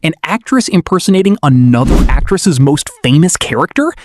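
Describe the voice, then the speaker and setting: A woman's voice: sits low, lively intonation, fairly quick, a little mellow. A woman narrating in a wry, punchy scripted style. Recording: clear background noise.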